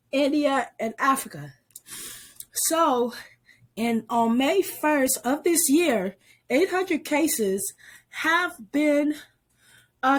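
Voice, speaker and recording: Slow-talking sick woman vlogger. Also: high-pitched, fairly bright tone. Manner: casual, halting, reads place names with stumbles. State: sick, coughing. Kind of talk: casual commentary on news.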